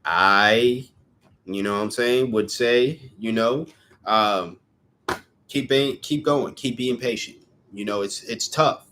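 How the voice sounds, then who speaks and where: A man's voice: mid-range voice, takes it slowly, bright, forceful tone, slight background noise. A young man giving a casual tarot reading, chatty and rambling, who sometimes stumbles over his words. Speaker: tarot reader.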